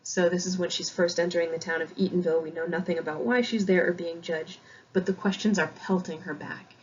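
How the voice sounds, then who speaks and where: A woman from Connecticut, a high school English teacher, explaining a novel in a chatty, self-deprecating recorded lecture. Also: steady tone, fairly quick, muffled recording, slight background noise.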